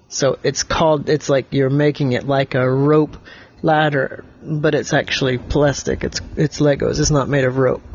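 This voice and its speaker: A man making up a bedtime story for a child, gentle and patient, explaining things simply. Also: mid-range voice, flat delivery, moderate pace, lo-fi sound, a little hiss or hum.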